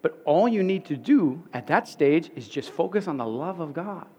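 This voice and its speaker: A man, a pastor, giving an earnest, conversational sermon, often dropping to soft, quiet stretches and repeating words. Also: fairly high pitch, expressive, moderate pace, slightly rough.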